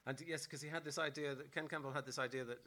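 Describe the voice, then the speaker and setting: A man's voice: a little high, steady tone, quick pace, sharp tone. A man interviewing a guest, feeling his way through questions with hesitant phrasing.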